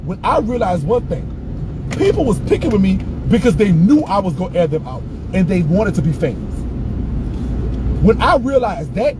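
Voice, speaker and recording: A man's voice: high-pitched, sing-song, normal speed, background noise. A man chatting casually on a livestream, greeting viewers by name and laughing often as he talks to them. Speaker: livestream host.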